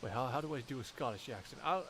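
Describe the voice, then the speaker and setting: A man's voice: medium pitch, fast, fairly bright tone, slight background noise. A man, a voice actor, reading a visual novel aloud with casual, wry asides. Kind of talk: game playthrough reading and commentary.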